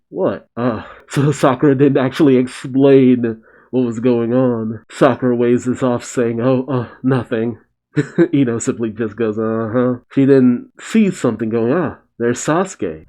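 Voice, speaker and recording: A man's voice: medium pitch, mellow, rough recording. A man hosting a manga reaction, reading the panels aloud and breaking in with casual, playful asides and frequent laughs.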